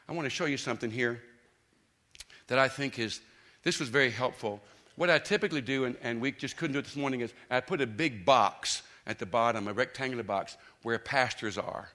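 A man preaching a sermon, emphatic, dropping to quiet intensity and rising to loud bursts. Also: mid-range voice.

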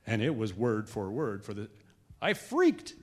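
A man leading a church gathering, teaching in a relaxed, conversational way. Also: on the low side, moderate pace, slightly rough. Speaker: church leader. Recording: echoey hall reverb.

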